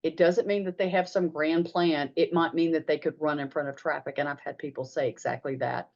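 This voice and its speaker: A woman's voice: low voice, steady tone, a little fast, few pauses, a little mellow. A middle-aged American woman, a psychologist, telling case stories conversationally in a webinar and acting out the dialogue. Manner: conversational, acts out quoted dialogue with "I'm like". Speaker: psychologist presenting a family webinar. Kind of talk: casual presentation with case stories. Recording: dull lo-fi webinar audio.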